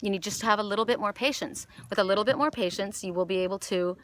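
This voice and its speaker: A woman from Canada giving an oracle card reading outdoors by the water, telling a story in a rambling, animated way with many restarts. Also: mid-range voice, quick pace. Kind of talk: casual spiritual message. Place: outdoors by water with jumping fish.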